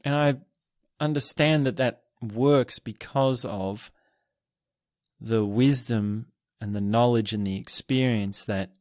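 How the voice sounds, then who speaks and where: A man hosting a podcast alone, musing and thinking aloud, restarting his sentences and chuckling softly as he reflects. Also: medium pitch, slow pace, dry recording, studio quality. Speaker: podcast host. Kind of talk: reflective solo podcast talk.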